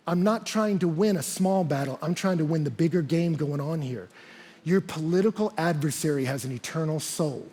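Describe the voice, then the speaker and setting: A man's voice: high-pitched, darkish tone, breathy edge. A man pastor preaching a sermon, telling stories animatedly and acting out the quotes.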